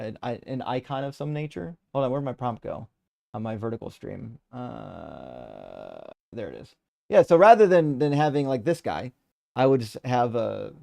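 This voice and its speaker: A man's voice: mid-range voice, gravelly, darkish tone. A man hosting a live debate stream, chatting casually and reading out viewer comments, rambling with lots of restarts and casual swearing.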